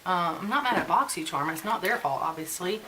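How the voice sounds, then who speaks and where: A woman's voice: lowish voice, animated, fairly quick, noisy background. A woman in her forties chatting casually and venting while doing a get-ready-with-me beauty vlog. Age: 40s. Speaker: beauty vlogger.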